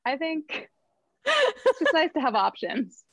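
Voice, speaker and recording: A woman from New Jersey, a songwriter guest on a podcast, talking in a thoughtful, halting and wryly playful way. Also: high voice, wildly swooping pitch, fairly bright tone, no echo. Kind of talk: casual interview chat. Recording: dull lo-fi mic.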